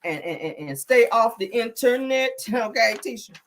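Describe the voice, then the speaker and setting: A woman's voice: a little high, animated, normal speed. A woman hosting a gossip livestream, talking sassily with drawled asides and frequent laughter. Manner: sassy and drawling, peppered with "honey" and "child"; laughs often while mocking. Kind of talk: casual live commentary.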